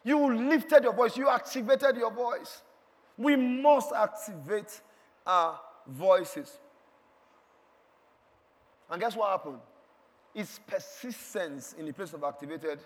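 A man preaching a sermon, emphatic, repeating lines and shouting some of them in a large church hall. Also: high-pitched, takes it slowly, long pauses. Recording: long hall reverb.

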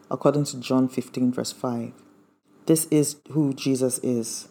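A man's voice: medium pitch, gravelly, warm tone. A man preaching a sermon, earnest and emphatic, quoting scripture verse by verse.

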